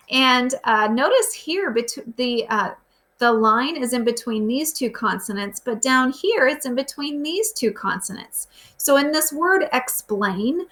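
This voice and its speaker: Woman, elementary teacher, recorded lesson, patient questioning, slightly high voice. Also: a bit bright. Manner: patient, asks children simple questions. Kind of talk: recorded remote lesson walkthrough.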